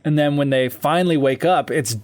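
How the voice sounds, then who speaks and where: A man's voice: a little high, brisk. A man co-hosting a podcast, loosely retelling a fairy tale in casual chat, full of fillers and easy laughter.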